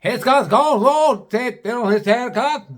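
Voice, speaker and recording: Garbled, high-pitched drawl of a toothless old bumpkin mechanic; a man plays it. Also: unhurried. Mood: mumbling.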